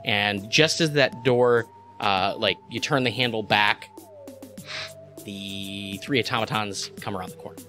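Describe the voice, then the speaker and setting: A man's voice: on the low side, measured pace, pushed and bright, soft background music. A man narrating as game master, rambling with lots of filler words.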